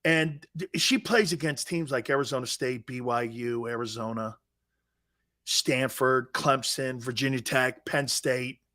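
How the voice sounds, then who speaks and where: A middle-aged man hosting a sports talk show, telling self-mocking stories in a lively, animated way. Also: mid-range voice, a little slow.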